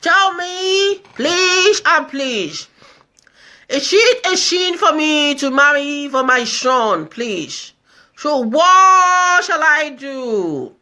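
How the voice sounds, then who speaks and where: A woman's voice: very high-pitched, pushed and bright, full character voice. Woman playing a squawky old mother. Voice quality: squawky, cracked voice. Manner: pleading, repetitive, wailing complaints. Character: fussy elderly Nigerian mother, pleading and dramatic. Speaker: comedienne. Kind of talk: comedy skit, live video.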